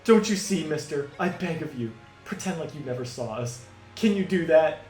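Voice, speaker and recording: A man's voice: on the high side, lively intonation, normal speed, a little mellow, lightly acted. A man doing an earnest Pianta mob henchman. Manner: earnest, tough-guy gangster talk. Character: loyal young male Pianta mob henchman. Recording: echoey room, music behind.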